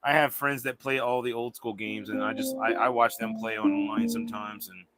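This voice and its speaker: A man's voice: fairly low pitch, flat delivery, moderate pace, over loud music. Rambling, swearing livestream host, a man. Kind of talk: casual chat.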